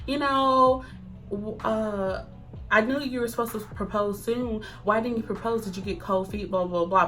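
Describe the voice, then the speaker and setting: A young woman chatting casually to camera, animated, acting out quoted lines and laughing often. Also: mid-range voice. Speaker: vlogger. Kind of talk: casual storytime chat.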